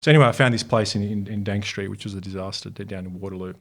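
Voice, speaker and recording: A man from Bosnia and Herzegovina, a guest on an interview show, telling a casual, lively story with frequent laughter and informal, sometimes profane talk. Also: on the low side, racing, creaky. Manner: animated, laughs often, acts out other people's lines. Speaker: interview guest, art supply store founder.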